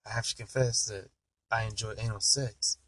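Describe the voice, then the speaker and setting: A man's voice: lowish voice, fairly even intonation, normal speed, a bit bright, no room sound, poor audio. A man doing a brazen young woman confessing.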